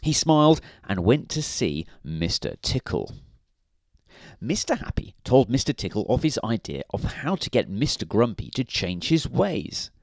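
A man's voice: lowish voice, darkish tone, dry recording, studio quality. A man reading a children's story aloud in a playful way, now and then asking the listener questions.

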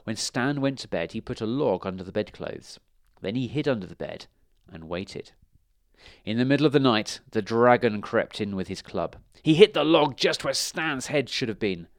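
A man reads a children's storybook aloud with an animated, sing-song delivery and a wide pitch range. His voice is mid-pitched. The recording is close and dry. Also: normal speed, no room sound. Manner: expressive, animated read-aloud. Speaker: reader.

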